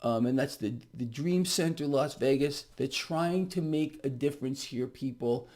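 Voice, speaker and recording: A middle-aged man doing a casual market commentary vlog to camera, sarcastic and animated, mocking officials with sudden outbursts. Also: medium pitch, normal speed.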